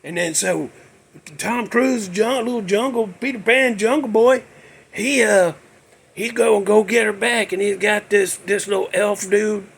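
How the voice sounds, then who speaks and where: A man hosting his own show, chatting casually and in a rambling way about an old movie, breaking into sudden excited whoops. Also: high voice, unhurried, creaky, husky. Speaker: host.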